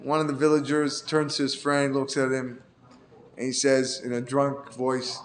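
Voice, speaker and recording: A man's voice: mid-range voice, flat delivery, normal speed. A man giving an earnest Torah talk, telling a story and lifting his voice to stress key points. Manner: earnest storyteller who lifts his voice for emphasis. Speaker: Torah teacher. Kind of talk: Torah class sermon.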